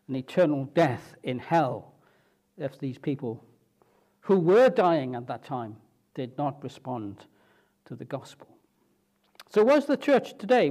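Male preacher, slightly high voice, building to emphatic peaks, trailing off low at ends of phrases, asks rhetorical questions. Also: darkish tone. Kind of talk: sermon.

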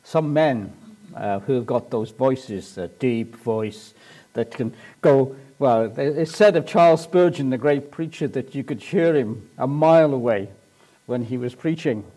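A man preaching a sermon, retelling a story in an animated way and rising to emphatic points. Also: mid-range voice, unhurried.

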